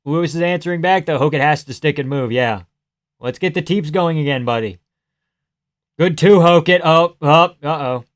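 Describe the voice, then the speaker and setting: A young man hosting a livestream, reacting to a fight with casual, profane commentary, yelling advice at the fighters and laughing often. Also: fairly high pitch, normal speed. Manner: excitable, profane, yells at fighters, frequent laughs. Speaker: livestream host.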